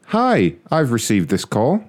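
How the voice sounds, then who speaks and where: A man's voice: medium pitch, huge pitch swings, measured pace, darkish tone. A young man making prank phone calls, laughing a lot and talking crudely with a mocking manner. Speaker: prank caller. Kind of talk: prank phone call, casual commentary.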